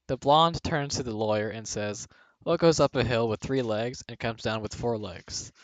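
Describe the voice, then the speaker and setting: A man's voice: mid-range voice, moderate pace, no echo. Man reading jokes, laughing between lines. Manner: breaks into laughter mid-sentence. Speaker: video host reading jokes aloud. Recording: dull, dry home recording.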